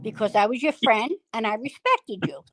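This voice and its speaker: A woman's voice: fairly high pitch, moderate pace, a bit bright, a little hiss or hum, poor audio. A woman on a voice call panel defending herself, insisting that she be allowed to finish speaking. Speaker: panel member. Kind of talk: heated argument on an online voice panel.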